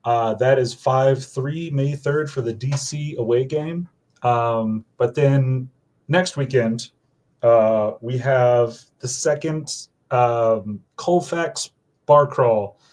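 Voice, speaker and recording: A man's voice: medium pitch, slow pace, a little mellow. A man in casual chat announcing supporter events, rambling with many fillers and self-corrections. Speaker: supporters group organizer.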